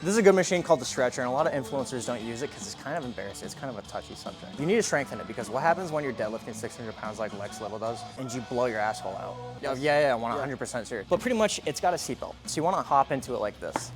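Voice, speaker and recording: A young man hosting a mock fitness tutorial in a gym, talking in quick deadpan, mock-serious patter. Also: medium pitch. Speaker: fitness parody host. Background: background music.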